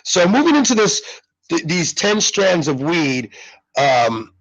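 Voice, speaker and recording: A man's voice: a little high, very animated, slow pace, poor audio. A man hosting a live talk radio show, chatting casually in a rambling way with lots of fillers and restarts. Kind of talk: casual live-stream chat.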